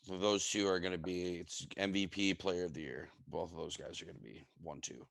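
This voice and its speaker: A young man with a very low voice talks bluntly on a sports podcast, swearing freely and sounding sure of himself. The sound is dry and close, with no room around it. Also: steady tone, brisk, gravelly, fairly bright tone, dry recording. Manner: brash, swears freely, confident. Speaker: podcast co-host. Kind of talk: casual sports chat.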